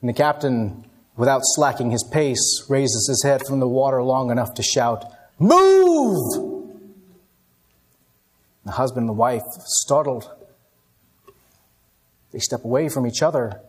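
A man giving an evening sermon, telling a story dramatically and moving between hushed and raised passages. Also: medium pitch, steady tone, a little fast. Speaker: pastor.

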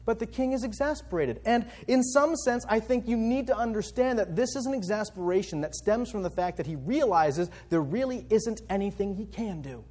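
Male Bible teacher, high voice, conversational, quick rhetorical questions. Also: animated, a little mellow.

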